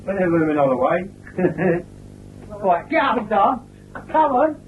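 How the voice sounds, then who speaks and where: A jovial man with a fairly high voice, chatting and bantering casually. The sound is thin and narrow like a phone line, from an old 1970s film. A faint hiss runs underneath. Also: very animated, unhurried. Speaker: documentary subject. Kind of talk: casual chat.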